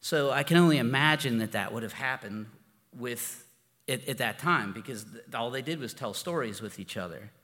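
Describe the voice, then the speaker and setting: A man preaching in a relaxed, storytelling way, circling back and restarting his phrases as he goes. His voice sits at an ordinary middle pitch. A long reverb trails each phrase, as in a large hall. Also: normal speed. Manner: informal and storytelling, with frequent restarts and "you know". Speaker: pastor. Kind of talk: conversational sermon.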